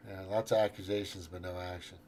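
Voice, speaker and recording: A man's voice: low voice, flat delivery, quick pace, darkish tone, slight background noise. A man hosting his own show, rambling through a profane casual political rant while scrolling and reading out his posts. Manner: frequent restarts and trailing off. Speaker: show host.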